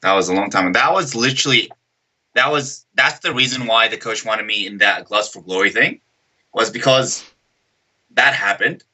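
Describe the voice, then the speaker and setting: A young man, co-hosting a casual chat and retelling a fight story with lively acted-out quotes. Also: lowish voice, moderate pace. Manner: animated retelling, acts out quotes and shouts. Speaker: podcast co-host.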